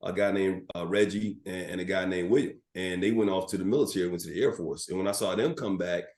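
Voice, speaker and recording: A middle-aged man with a low voice tells stories in an animated, filler-laden way during a podcast interview. The recording has a noticeable roomy echo around him. He sounds like a seasoned broadcaster settling into an anecdote. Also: quick pace. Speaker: sports broadcaster, guest.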